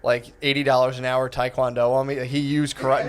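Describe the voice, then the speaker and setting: A man's voice: medium pitch, flat delivery, brisk. A man in his thirties co-hosting a podcast, telling crude stories in a casual chat and often laughing as he acts out what others said. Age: 30s. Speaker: podcast co-host. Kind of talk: casual comedic storytelling.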